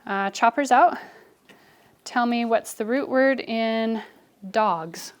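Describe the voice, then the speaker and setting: A woman's voice: a little high, slow pace, a little hiss or hum. A young adult woman teacher leading a phonics lesson with children, coaching them and adding asides to other teachers. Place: classroom. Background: children in class.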